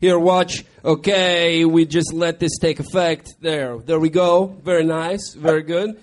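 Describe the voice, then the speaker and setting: Comic sketch: a man playing a deadpan mock Russian president with a thick put-on accent, halting broken English, high voice. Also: natural voice. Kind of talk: comedy sketch.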